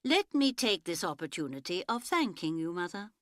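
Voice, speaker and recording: A woman's voice: lowish voice, very animated, moderate pace, a bit bright, dry recording. A woman voicing a cool, sardonic eighteen-year-old daughter who speaks in a dry, composed way.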